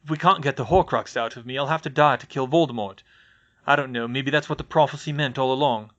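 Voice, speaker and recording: A man voicing a grim, resigned teenage boy wizard in a quiet, heavy, measured way, close to his own voice, in a fan audiobook reading. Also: medium pitch, muffled recording, natural voice.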